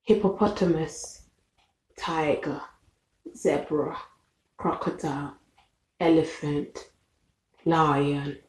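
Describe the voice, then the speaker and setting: Woman, very slow, low voice, reading a picture book to a child, echoey room. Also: steady tone, darkish tone. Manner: patient, asks the child questions and counts aloud.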